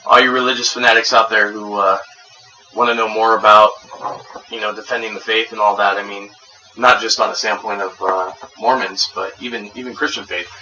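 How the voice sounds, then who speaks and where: A man co-hosting a casual podcast, crude and quick to laugh, often stumbling and restarting. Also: fairly low pitch, little pitch movement, sharp tone, lo-fi sound. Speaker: podcast co-host. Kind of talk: casual chat. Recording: distant mic with background noise.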